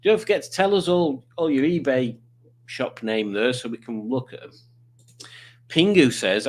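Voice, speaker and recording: A man's voice: mid-range voice, expressive, a little slow. A man chatting casually on a livestream, rambling and reading out viewer comments. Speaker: livestreaming YouTuber.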